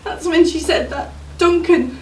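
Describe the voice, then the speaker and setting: An actress playing a young woman grieving for her injured fiancé, speaking in a halting, tearful stage monologue. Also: very high voice, a little mellow. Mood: shocked. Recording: roomy, distant mic, faint noise.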